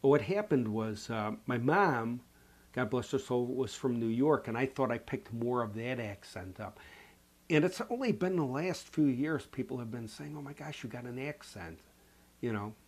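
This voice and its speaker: A painting instructor from the Chicago area, USA, chats casually while answering viewer comments, rambling and folksy with lots of "you know" in a Chicago accent. He's nursing a cold, and his mid-range voice is expressive and a little mellow at a moderate pace.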